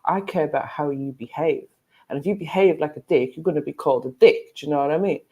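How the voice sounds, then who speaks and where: A woman speaks in a relaxed, mellow-toned voice, blunt and emphatic as she chats on a live stream. She swears freely and hammers her points home. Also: sits low, fast talker, husky, highs cut off. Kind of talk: casual chat.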